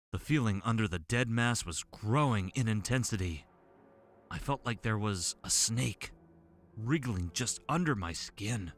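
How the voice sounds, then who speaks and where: Horror narrator, male, low register, tense and dramatic, soft music underneath.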